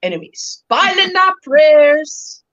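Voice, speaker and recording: A South African woman chats playfully and giggles as she hosts a crochet livestream and reads out viewer comments. Her voice is high, bright and very lively. The audio sounds slightly muffled. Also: slow. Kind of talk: casual chat reading viewer comments.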